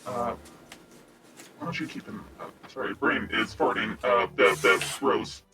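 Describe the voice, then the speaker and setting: A man playing a tabletop role-playing game, describing his character's actions with laughter and quick asides. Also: lowish voice. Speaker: player.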